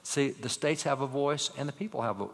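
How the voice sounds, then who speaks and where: A man giving a slide-show lecture to an audience, telling stories, asking rhetorical questions and running through quick lists of names. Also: medium pitch, in a large hall. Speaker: public speaker.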